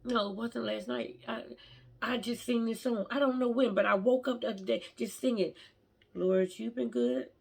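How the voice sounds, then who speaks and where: Woman vlogger, heartfelt and halting, gravelly husky voice. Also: a little high, steady tone. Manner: emotional, heartfelt, stammering restarts. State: tearful at times. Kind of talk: personal faith vlog.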